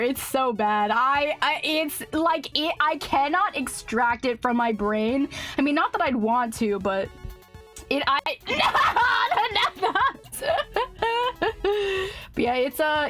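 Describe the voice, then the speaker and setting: A woman streamer chatting casually on a live stream, excitable and laughing often. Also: high voice.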